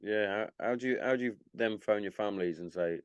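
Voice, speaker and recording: A man with a low voice hosting a podcast, throwing in short agreeing replies and quick asides. His voice sounds dry and close, as if from a room with no echo. The sound is a little muffled. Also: smooth. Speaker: podcast host. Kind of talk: casual interview chat.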